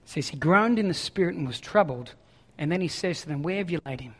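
A man preaches in a high, light voice, carried by a long hall reverb. He reads scripture aloud and then retells it in plain, insistent words, pressing his listeners with questions. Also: expressive, fast talker, slightly rough. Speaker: pastor. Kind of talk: sermon.

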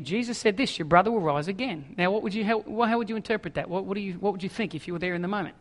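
A man's voice: high-pitched, racing, hardly any pauses. A man preaching a sermon who reads scripture aloud and then paraphrases it in an urgent, conversational way. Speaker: pastor. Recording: long hall reverb.

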